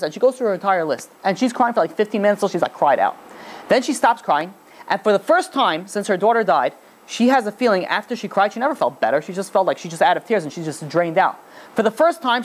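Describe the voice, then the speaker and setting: Give me a rabbi lecturing fast, with a rambling, filler-packed delivery. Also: male voice, high-pitched. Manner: rapid, rambling, filler-heavy talk. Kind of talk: storytelling lecture.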